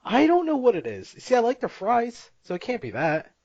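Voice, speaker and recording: A man's voice: extremely high pitch, wildly swooping pitch, normal speed, darkish tone, no room sound, highs cut off. A man hosting a podcast in casual chat, rambling and joking, laughing often at his own stories. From Italian-American family. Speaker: podcast host.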